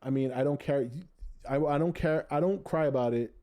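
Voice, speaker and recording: A man's voice: a little high, moderate pace, mellow. A man hosting a casual podcast, reading viewer comments aloud and joking with the chat. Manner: laid-back, jokey, reads viewer comments aloud.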